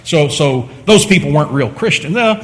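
A man preaching a sermon, teaching with lively emphasis and repeating phrases to drive points home. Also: fairly high pitch, moderate pace, in a large hall, low-quality recording. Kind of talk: sermon lecture.

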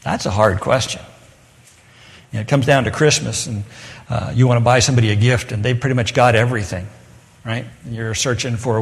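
A man's voice: medium pitch, normal speed, creaky. Man preaching in an echoey hall. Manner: conversational, switching to loud emphatic scripture reading. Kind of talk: sermon. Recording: long echo of a large hall.

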